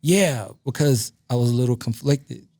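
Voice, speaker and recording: Gravelly-voiced man telling studio stories. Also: medium pitch, normal speed, no room sound. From Brooklyn, New York. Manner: animated anecdote-telling, acting out quoted dialogue, frequent profanity. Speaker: guest DJ and producer. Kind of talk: casual podcast storytelling.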